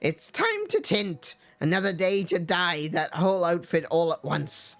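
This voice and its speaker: A man doing a chirpy, high dye shop keeper. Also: expressive, measured pace, fairly bright tone, dry recording, soft background music, heavily acted. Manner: chirpy shop-greeting patter. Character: cheerful male dye shop keeper, salesy.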